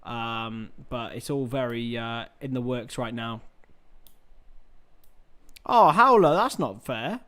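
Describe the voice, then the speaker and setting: A young man hosting a live football watchalong, chatting with viewers, swearing freely and shouting at big chances. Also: mid-range voice, expressive, takes it slowly, pauses often. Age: young adult. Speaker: watchalong host.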